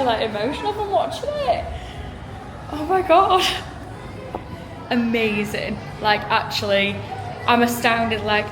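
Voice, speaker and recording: A young woman from England with an English accent, chatting casually to her phone camera in a travel vlog, gushing and filler-heavy. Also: a little high. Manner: chatty, gushing, lots of "like" and "oh my God". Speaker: travel vlogger.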